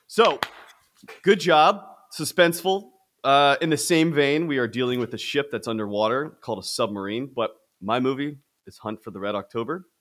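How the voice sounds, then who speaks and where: A man's voice: medium pitch, normal speed. Young adult man, casual podcast co-host, loose rambling delivery with frequent restarts. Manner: rambling, animated, many restarts. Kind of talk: casual film discussion.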